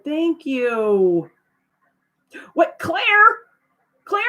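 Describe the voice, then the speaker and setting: A middle-aged woman chats casually through a live stream, taking her time between thoughts. Her pitch sits a little high and swings widely, leaping up whenever something surprises her. Fillers and trailing phrases fill her unhurried talk. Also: lively intonation, fairly bright tone.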